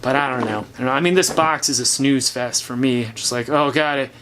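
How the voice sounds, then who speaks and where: Speaking fairly quickly at a medium pitch over some background noise, the man hosts a relaxed board-game review chat. He shares opinionated takes in a chatty, think-out-loud style.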